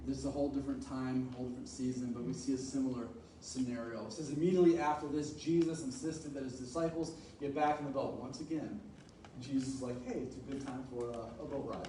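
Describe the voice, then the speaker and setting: A man preaching a sermon who swings from soft, low talk to loud, pleading passages and acts out casual, playful asides. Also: a little hiss or hum. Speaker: pastor. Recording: echoey room, mic at a distance.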